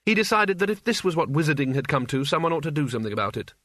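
A man reading a comic fantasy novel aloud as narrator, in a wry, measured storytelling manner. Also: fairly high pitch, very animated, fairly bright tone, no echo, studio quality. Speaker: audiobook narrator. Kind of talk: scripted narration.

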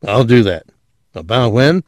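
A man's voice: mid-range voice, animated, unhurried, a little mellow, no echo, clean studio sound, close to an everyday voice. A man voicing a tense, guarded fugitive ex-police chief in a story reading, speaking curtly. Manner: curt, guarded.

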